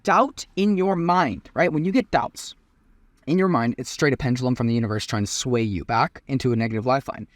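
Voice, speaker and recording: Fast-talking hyped young man. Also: mid-range voice, no echo. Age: young adult. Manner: fast, hyped, swearing, rambling motivational talk. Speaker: host. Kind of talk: casual podcast chat.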